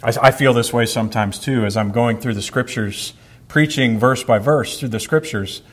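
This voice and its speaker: Man preaching a verse-by-verse sermon. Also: mid-range voice. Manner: reads scripture slowly, then teaches in an explanatory, emphatic way. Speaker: pastor.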